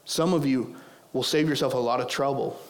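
A hoarse man preaching a sermon as pastor, conversational and prone to digressing. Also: mid-range voice, moderate pace. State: hoarse, losing his voice.

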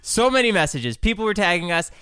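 High-voiced, teasing young man. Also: big pitch swings, fairly quick, sharp tone, clean tone, no echo, studio quality. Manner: teasing, laughs often. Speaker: podcast host. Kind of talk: casual chat.

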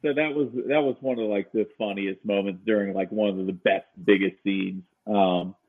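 A man telling stories about directing a film shoot in a casual, rambling chat, full of fillers and lively quoted asides. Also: fairly low pitch, normal speed, no echo, phone-quality sound.

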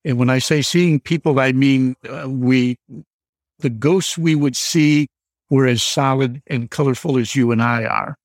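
A man in his seventies from Michigan, calling in and telling a personal story slowly and deliberately, with many pauses. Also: medium pitch, no room sound. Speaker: caller telling a ghost story. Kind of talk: storytelling on a radio call.

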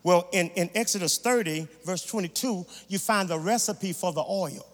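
A man preaching a sermon as guest preacher in a large church, his rhythmic delivery swelling into shouted, sung cadences. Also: high voice, moderate pace. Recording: echoey hall, faint room ambience.

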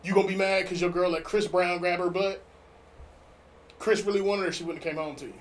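A man's voice: high-pitched, fairly even intonation, brisk, a little hiss or hum, poor audio. A man co-hosting a casual podcast, giving blunt, profane relationship advice. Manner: blunt, profane, preachy advice with sudden loud laughs. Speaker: podcast co-host.

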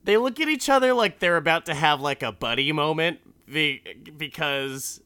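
A man's voice: fairly high pitch, animated, normal speed, bright, forceful tone, smooth, no echo. A man casually recapping a film in a rambling, profane way with many restarts.

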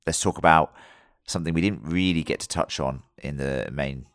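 A man's voice: extremely low pitch, normal speed, a bit bright, dry recording, studio quality. A man hosting a podcast, telling a story loosely with plenty of fillers and the odd swear word. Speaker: podcast host. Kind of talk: casual podcast chat.

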